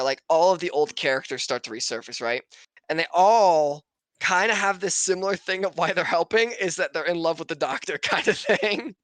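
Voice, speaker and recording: On his podcast, a man loosely rambles through a recap of an anime episode, swearing heavily and laughing often. His voice is fairly high and a bit bright, and the recording is dry.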